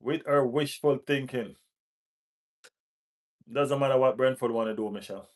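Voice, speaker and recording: A man's voice: medium pitch, moderate pace. Football watch-along host, male, West Indian accent, playful banter with the chat, mid-range voice. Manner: banters, gives shout-outs to chat; teasing rival fans, laughing often.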